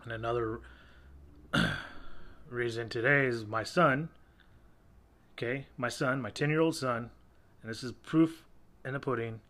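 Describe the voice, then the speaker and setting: A man's voice: medium pitch, a little slow, pauses often, fairly bright tone. A father in his thirties ranting casually about technology, heated and rambling with frequent restarts. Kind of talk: casual rant to camera.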